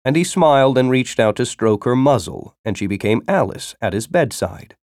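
A man narrating a story in a dramatic reading style, breaking into urgent, shouted dialogue. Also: mid-range voice, animated, moderate pace, no room sound, studio quality. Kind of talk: audiobook narration.

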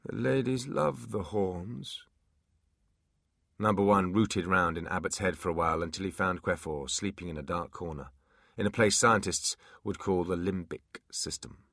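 A man narrating a fantasy audiobook in an expressive storytelling manner. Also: low voice, moderate pace, dry recording, clean studio sound.

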